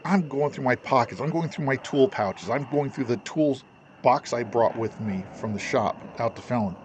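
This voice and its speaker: A middle-aged man, a Navy veteran, casually retelling his own service stories with animated, emotional delivery. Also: medium pitch, moderate pace, slight background noise. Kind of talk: casual personal storytelling.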